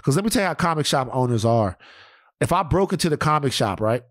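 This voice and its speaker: A man hosts a podcast and rambles through stories, swearing freely. His voice is very dry and close, with no room sound around it. He sits at a middle pitch for a man. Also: expressive, fast, no room sound. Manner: profane, rambling storyteller. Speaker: podcast host. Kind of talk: casual podcast chat.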